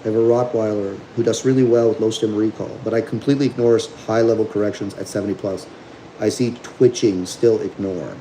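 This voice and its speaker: Blunt, mellow-voiced male dog trainer. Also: lowish voice, a little hiss or hum, poor audio. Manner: blunt, combative, conversational. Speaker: dog trainer hosting a livestream. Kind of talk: casual livestream commentary.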